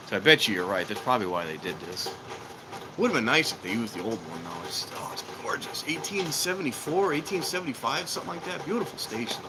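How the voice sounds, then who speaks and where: This livestreamer, whose voice sits lowish, is filming trains in the rain from a station platform and footbridge outdoors. Breathless, he keeps up a chatty stream of talk with viewers between trains while the background stays noisy.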